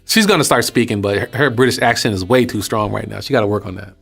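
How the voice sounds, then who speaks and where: Animated man teaching over soft music. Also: lowish voice, fast, vocal fry. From Texas. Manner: animated, conversational preaching with rhetorical questions. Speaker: host. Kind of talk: casual spoken teaching.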